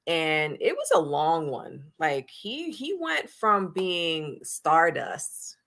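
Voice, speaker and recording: A woman with a notably low voice hosts a casual wrestling talk show. She talks bluntly and swears freely, pressing her opinions with energy. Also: very animated, slow, gravelly, fairly bright tone. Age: adult, married. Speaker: podcast host.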